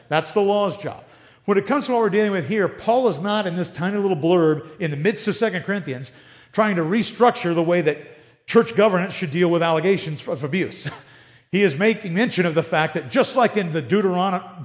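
A man teaching a Bible passage in a relaxed, conversational sermon, with informal joking asides. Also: sits high. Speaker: preacher teaching a Bible class.

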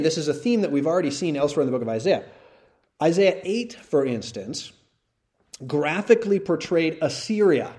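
A man's voice: fairly high pitch, darkish tone. A man teaching through a Bible passage to a live audience, talking conversationally and often checking in with "right?" and "all right?".

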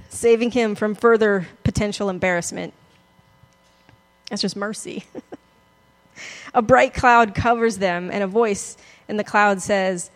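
A woman's voice: medium pitch, steady tone, takes it slowly, long pauses. A woman pastor giving a conversational, self-deprecating sermon, often laughing as she talks.

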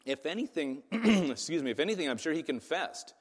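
A man's voice: fairly high pitch, very animated, brisk, husky, big-room sound. A man preaching a sermon in a casual, conversational way, often asking "right?" to his listeners. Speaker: pastor.

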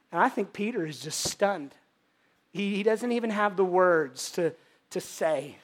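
A man preaching a sermon as pastor, animated and swinging between loud emphasis and hushed delivery. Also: high-pitched, moderate pace.

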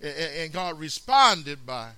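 Lively, bright-voiced male preacher. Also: on the high side, slow pace, clean tone, dry recording. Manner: animated, calls amen, acts out quotes. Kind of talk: sermon.

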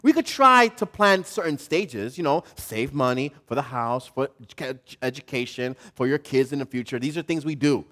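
A man preacher delivering a lively sermon, swinging between loud emphasis and quiet, repeating phrases. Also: mid-range voice, normal speed, hardly any pauses.

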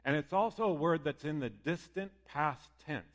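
Lively male preacher in a reverberant hall. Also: on the high side, moderate pace. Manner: lively, conversational, acts out quoted voices. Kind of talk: sermon.

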